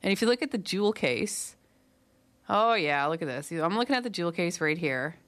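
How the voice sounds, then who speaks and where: A woman's voice: fairly low pitch, lively intonation, brisk, fairly bright tone, dry recording. A young woman working as a campus radio DJ, chatting casually between songs, rambling and correcting herself, slightly out of breath. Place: small radio studio. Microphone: studio microphone.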